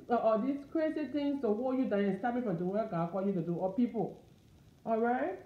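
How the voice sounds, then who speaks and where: A woman's voice: on the high side, fairly quick, roomy sound, narrow, tinny audio. A woman with a Liberian accent giving an informal, fervent sermon from her dining room, repeating her urgings. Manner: fervent, repetitive exhortation. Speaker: Christian encourager.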